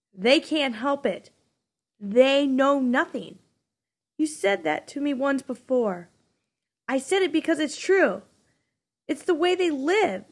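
A woman reading aloud, voicing a weary, sorrowful old male mentor who speaks in a steady, measured way. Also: high voice, voice pushed up, full character voice.

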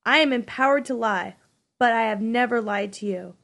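A woman reading aloud, voicing a weary, sorrowful old male mentor who speaks in a steady, measured way. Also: on the high side, creaky. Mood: grave.

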